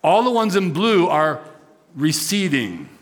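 A pastor delivers a sermon to his congregation. His fairly high voice swells on repeated phrases and lands with emphasis. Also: very animated, slow pace. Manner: emphatic preaching with rising, swelling repetition.

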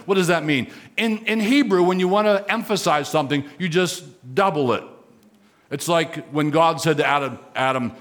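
A man preaching a sermon, moving between quiet, conversational asides and raised, emphatic declarations. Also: medium pitch. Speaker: pastor.

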